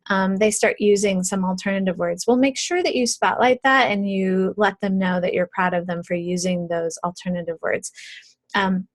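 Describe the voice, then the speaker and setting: A woman's voice: mid-range voice, no echo. Chatty woman teaching parents, dry sound. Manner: conversational, many ums and restarts. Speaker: early childhood educator. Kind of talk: video tutorial for parents.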